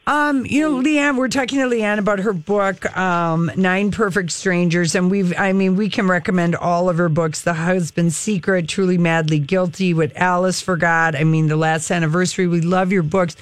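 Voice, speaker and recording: A woman's voice: on the low side, steady tone, moderate pace, few pauses, dry recording. A woman co-hosting a casual radio interview, eager and chatty. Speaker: radio co-host.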